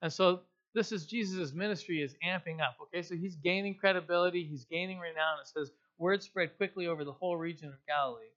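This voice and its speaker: A man's voice: sits high, fast, few pauses, fairly bright tone, muffled recording. A man preaching a sermon in a casual, conversational way, explaining scripture in plain everyday terms. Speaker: pastor.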